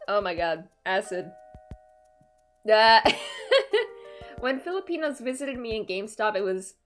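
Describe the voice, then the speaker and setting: A woman's voice: medium pitch, very animated, a little slow, faint music behind. A young woman from Canada chatting casually on a live stream, laughing often and answering her chat.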